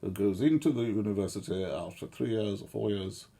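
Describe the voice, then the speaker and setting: A middle-aged man giving rambling, sardonic commentary, halting often with fillers and restarts. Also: fairly low pitch, vocal fry, mellow, husky.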